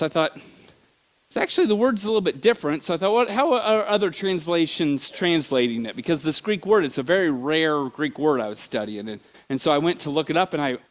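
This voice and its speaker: A middle-aged man preaching in a church, telling stories with animated bursts, sudden shouts and laughter. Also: on the high side. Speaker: pastor. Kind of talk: sermon.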